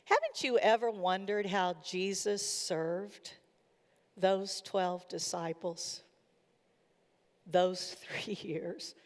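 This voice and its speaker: Slow-speaking woman preaching in an echoing chapel. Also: medium pitch. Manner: earnest storyteller, retells dialogue. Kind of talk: sermon. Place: college chapel. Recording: echoey hall reverb.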